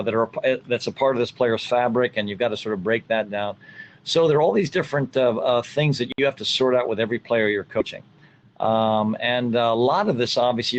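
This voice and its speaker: A middle-aged man talks through his coaching ideas in a reflective, unhurried way, full of "uh" and "um". His pitch sits in an ordinary middle range. A faint hiss of noise runs under the recording. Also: low-quality recording. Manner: reflective, many fillers, acts out what he tells players. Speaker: college soccer coach. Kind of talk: conversational interview answers.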